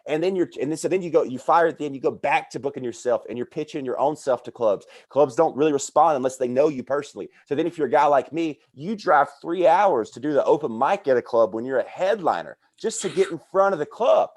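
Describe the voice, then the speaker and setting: A man's voice: a little high, fast, few pauses. A man, a comedian guest, telling stories about his career in a casual podcast chat, acting out the people he quotes. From American South. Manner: animated storyteller who acts out quoted voices.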